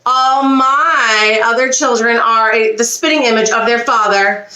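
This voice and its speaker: A woman voicing a cold, proud mother duck in a read-aloud storybook, speaking slowly. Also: on the high side, steady tone, sharp tone, roomy sound. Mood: haughty. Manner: slow, haughty.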